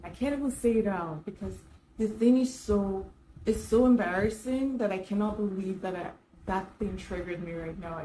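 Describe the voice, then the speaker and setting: A woman's voice: medium pitch, dark tone, echoey room, slight background noise, rough recording. A woman talking casually to camera, giving self-help advice to professional women with frequent fillers and restarts. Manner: conversational, many fillers and restarts. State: slightly dry throat.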